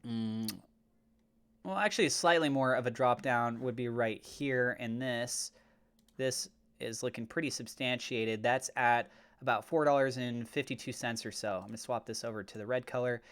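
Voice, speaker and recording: Casual male crypto vlogger reading off support and resistance levels, steady and chatty. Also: mid-range voice, normal speed, clean tone. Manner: steady level-by-level price talk with fillers; mock-gushing and over the top when praising. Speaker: crypto channel host. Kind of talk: chart analysis commentary.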